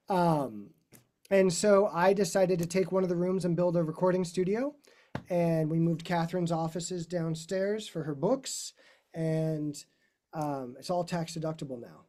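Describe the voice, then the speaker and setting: Rambling, mellow-voiced male guitarist. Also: on the high side. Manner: rambling, warm asides and self-corrections. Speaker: guest speaker, classical guitarist. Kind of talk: casual career talk.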